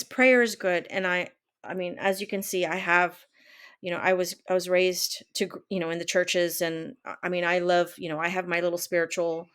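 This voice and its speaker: Lowish in pitch, her tone fairly bright and clean, a life coach and vlogger in her fifties rambles casually to camera in her home office, frequently using fillers and starting over.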